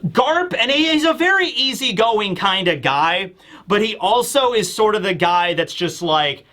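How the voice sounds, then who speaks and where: In this relaxed manga review, the host, a man from the United States, speaks in a sharp-edged, high and bright voice. His delivery is lively and meandering, full of "like," fillers, and frequent quick laughs.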